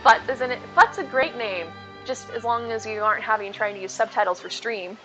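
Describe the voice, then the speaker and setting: A woman's voice: a little high, fairly quick, music in the background, low-quality recording. An adult woman streaming a game, chatting casually and answering viewers. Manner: chatty, reads chat aloud, lively. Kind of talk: casual chat while gaming.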